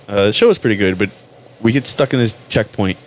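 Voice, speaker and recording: A man's voice: fairly low pitch, brisk, a little hiss or hum. A man on a podcast mic telling profane stories in casual chat and acting out both sides of the dialogue. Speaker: podcast host.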